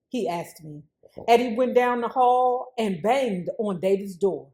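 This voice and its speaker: A woman's voice: medium pitch, unhurried. A woman reading a memoir aloud to her viewers and breaking off for blunt, profane commentary. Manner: blunt, profane, animated asides. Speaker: YouTube host reading a memoir.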